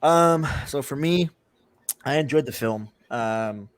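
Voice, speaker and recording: A man's voice: medium pitch, slow, clear, resonant tone. A man co-hosting a podcast in casual chat, steering the topics. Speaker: podcast co-host.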